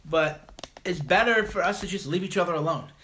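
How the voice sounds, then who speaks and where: A man's voice: high-pitched, a little fast, pushed and bright, slight background noise. A man hosting a call-in livestream, talking bluntly and mocking his critics in a combative monologue. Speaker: livestream host.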